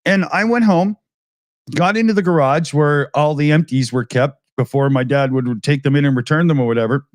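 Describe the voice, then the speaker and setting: A man's voice: fairly high pitch, a little fast, no room sound, studio quality. A man hosting a casual talk show, telling rambling stories with lots of laughs. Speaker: show host. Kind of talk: casual chat.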